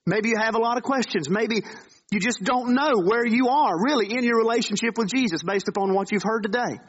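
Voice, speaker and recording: Earnest high-voiced preacher man. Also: fairly quick, husky, muffled recording. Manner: earnest, pleading, repetitive appeals. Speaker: pastor. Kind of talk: sermon. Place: church sanctuary.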